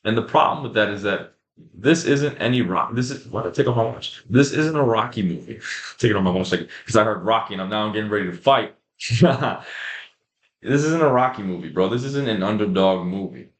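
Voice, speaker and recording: A young man with a fairly low voice gives an earnest, casual motivational talk about fitness. He leans on repetition and slangy asides. The room is echoey and bare-sounding. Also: fast. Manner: casual, repetitive, emphatic, addresses viewers as guys and bro. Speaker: fitness creator.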